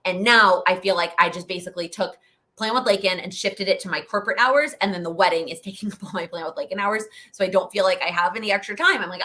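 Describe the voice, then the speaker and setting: A woman's voice: lowish voice, fast talker, sharp tone. A young woman hosting a live Q&A stream, chatty and rambling, laughing often as she answers questions. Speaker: host.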